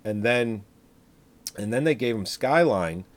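A man's voice: mid-range voice, animated, unhurried. A man chatting casually about films, rambling and swearing as he talks. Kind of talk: casual chat.

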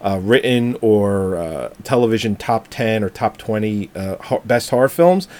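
Laid-back man with lively pitch. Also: measured pace. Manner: laid-back, swears, laughs often. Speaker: podcast co-host. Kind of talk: casual film discussion.

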